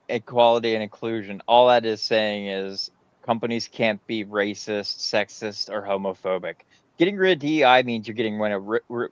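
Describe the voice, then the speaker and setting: A man's voice: medium pitch, dry recording, dull audio. A man in a live-stream debate who argues in an insistent, mocking way over a video call. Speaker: debate participant.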